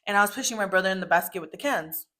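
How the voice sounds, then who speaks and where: A woman's voice: mid-range voice, very fast, bright, forceful tone. A young woman telling her mother a family story in casual chat, full of "like" and "um" fillers.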